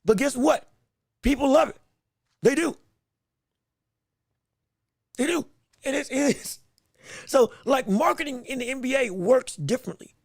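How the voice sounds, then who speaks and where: A man's voice: very high voice, moderate pace, dry recording, clean studio sound. A man hosting a sports podcast, talking animatedly and casually, often repeating words and laughing as he goes. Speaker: podcast host. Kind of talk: solo sports commentary podcast.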